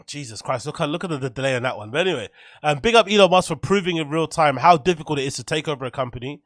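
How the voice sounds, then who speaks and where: A man hosting a casual livestream, excitable and slangy, chatting to his viewers from a computer. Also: on the high side, racing, no echo, clean studio sound. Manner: excitable, slangy, talks to the chat. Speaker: livestream show host.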